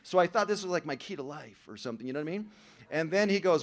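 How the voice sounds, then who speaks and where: A man telling a joke-filled story to a recovery meeting audience in a large hall, full of slang like "bro" and "man", dropping to a hush and then rising to loud shouting. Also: on the high side, animated, rapid-fire. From Southern California. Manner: slangy, joking, calls the crowd "bro" and "man". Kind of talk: storytelling talk to a live audience.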